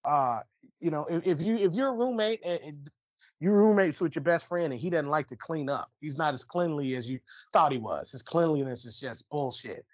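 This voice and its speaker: This podcast co-host has a fairly high voice and talks at normal speed, ranting in casual chat. He's animated, swears a lot and rambles with frequent restarts. The recording has no room sound and its highs are cut off.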